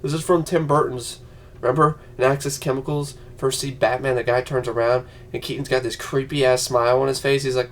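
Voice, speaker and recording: A man's voice: fairly high pitch, a little fast. Angry profane man ranting about movies. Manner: profane, yelling, mocking voices. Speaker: vlogger.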